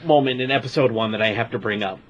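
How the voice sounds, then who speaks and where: A man in a casual chat telling a favorite scene with excitement and stuttering starts. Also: mid-range voice, fast, muffled recording. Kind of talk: casual chat about anime.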